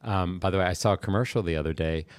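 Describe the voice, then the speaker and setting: A man's voice: sits low, very fast, dry recording, clean studio sound. A man in his fifties from Boston, chatting casually and rambling with lots of restarts and self-deprecating asides. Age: 50s. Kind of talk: casual chat.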